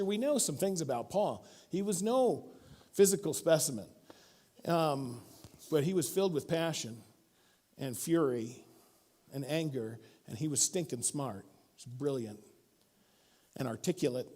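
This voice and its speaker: A middle-aged man delivers a sermon in church. His voice sits somewhat high for a man, and he talks in a casual, storytelling way, acting out the lines he quotes. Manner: storytelling, animated, acts out quotes. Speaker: pastor.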